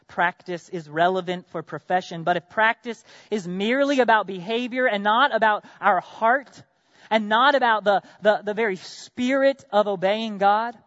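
Earnest high-voiced man preaching a sermon. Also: no room sound, dull audio. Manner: earnest, with sudden loud emphatic bursts and quiet drops; addresses congregation directly with rhetorical questions. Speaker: pastor.

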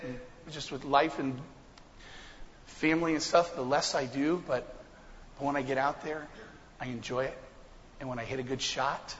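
High-voiced preacher in a reverberant church. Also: male voice. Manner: energetic preaching that swings from quiet to loud. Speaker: pastor. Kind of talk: sermon. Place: church sanctuary. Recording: long hall reverb, dull lo-fi sound.

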